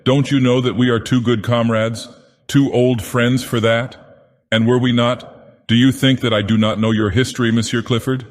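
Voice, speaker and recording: A man voicing a frank, teasing young Parisian woman, lifting his voice and sounding brisk and mocking. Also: level tone, close to an everyday voice. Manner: lifted pitch, brisk and mocking. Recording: long hall reverb.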